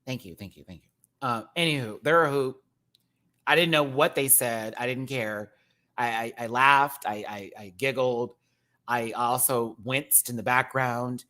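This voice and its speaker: A man's voice: medium pitch, measured pace, pushed and bright. A man hosting a casual rant review, talking in a rambling, giggly way with lots of fillers. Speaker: show reviewer and host.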